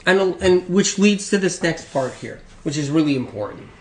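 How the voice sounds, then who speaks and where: A man's voice: a little high, animated, normal speed, echoey room. A man giving an informal health talk in an emphatic, repetitive and rambling way. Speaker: health speaker.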